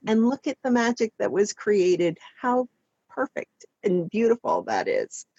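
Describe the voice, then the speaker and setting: A woman hosts an interview podcast and answers her guest with warm affirmation. Her voice sits in a middle range. The sound is dry and a bit dull, with no room around it. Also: mid-range voice, huge pitch swings, unhurried, no echo. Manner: affirming, encouraging replies. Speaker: podcast host.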